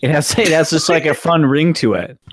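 A man chatting as a guest on a podcast, easygoing and relaxed. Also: on the high side, a little fast, no room sound, studio quality. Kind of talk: casual podcast chat.

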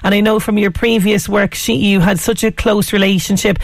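A woman's voice: mid-range voice, fairly even intonation, moderate pace, creaky, dry recording. Enthusiastic woman radio host. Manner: enthusiastic, effusive praise. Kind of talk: radio interview chat.

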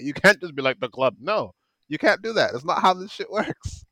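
An animated man co-hosting a football podcast. He talks in emphatic bursts and laughs often. The sound is dry and close to the mic. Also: on the high side, moderate pace, no room sound. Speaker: podcast co-host. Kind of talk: casual football chat.

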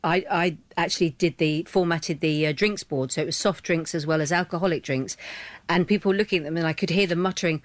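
A woman, a charity volunteer guest on a radio chat, telling stories in a lively, chatty way. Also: on the low side, a little fast, no echo. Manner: lively anecdotal storytelling.

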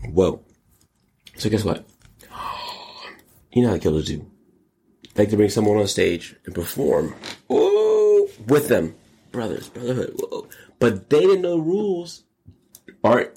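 A man hosts his own solo commentary show with a low, gravelly, husky voice. He talks in a hyped, exclamatory way. His pitch leaps about, often jumping up to high squeals. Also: a little mellow. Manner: hyped, exclamatory, gasping and laughing, jumps to squeals. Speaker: show host.

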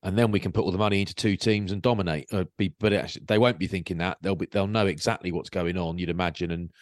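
A man's voice: sits low, fast talker, no echo, clean studio sound. A man co-hosting a casual chat podcast, telling stories and acting out the voices of the people in them. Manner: animated storyteller, acts out quotes. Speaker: podcast co-host. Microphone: video call.

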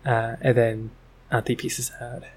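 A podcast co-host in casual chat, summarizing a story in a halting way with many fillers and restarts. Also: medium pitch, flat delivery, a little mellow, slightly rough.

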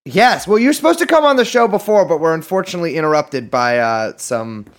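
A male podcast host with a fairly high voice talks casually and rambles. His pitch jumps around a lot, and he pokes fun at himself as he goes. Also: brisk. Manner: animated, rambling, self-mocking.

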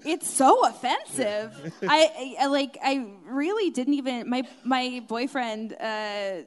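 High-voiced giggly woman co-host. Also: expressive, slow. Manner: giggly and chatty, many fillers. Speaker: podcast co-host. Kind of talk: casual chat.

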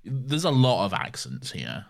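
This is a young British man in a casual podcast chat, teasing his co-host and laughing a lot. His pitch swings widely as he talks, rising and dropping with each joke. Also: huge pitch swings, unhurried, gravelly. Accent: British English. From Britain.

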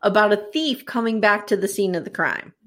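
A woman's voice: mid-range voice, brisk, a bit bright. A woman co-hosting a podcast, chatting casually as she recaps episodes and acts out the characters' lines. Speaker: podcast co-host.

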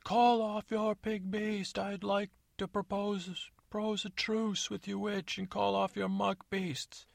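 A man voicing a haughty young prince who talks slowly and pompously, declaiming from the battlements in a bedtime story. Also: high-pitched, level tone, creaky, no echo, pitched above the performer's own voice, exaggerated voice. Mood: commanding.

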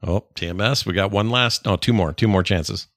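A man's voice: on the low side, fairly quick, a bit bright. A middle-aged man hosting a podcast with his daughter, chatting casually and rambling, often correcting himself mid-sentence. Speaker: podcast host, father. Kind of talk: casual chat.

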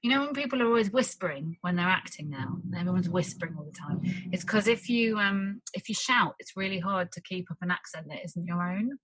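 A woman's voice: on the low side, animated, brisk, noisy background. A woman, an actress, chatting casually, laughing often and acting out little quotes as she tells stories. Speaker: actress guest. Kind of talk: casual chat.

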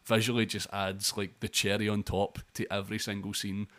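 A man's voice: fairly low pitch, little pitch movement, fairly quick, a bit bright. Sweary man, rambling film chat. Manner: rambling, sweary, lots of restarts. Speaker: podcast co-host.

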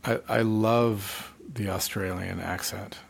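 A sleepy man talking casually late at night as a podcast co-host, halting and trailing off. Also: on the low side, steady tone, gravelly, slightly rough. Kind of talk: casual chat.

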